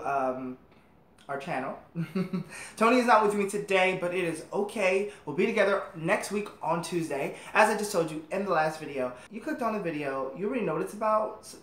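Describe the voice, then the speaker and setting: A woman hosting a casual album reaction, chatty and excitable, talking straight to her viewers from home. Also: on the low side. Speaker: reaction video host. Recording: roomy with faint music behind.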